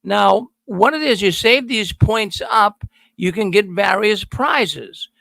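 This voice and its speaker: Folksy middle-aged host, high and bright, gravelly edge, dry close mic, stresses every point. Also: male voice, animated, takes it slowly, no room sound. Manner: folksy, emphatic, repeats words for stress. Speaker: call-in show host. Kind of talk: energetic monologue to viewers. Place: studio.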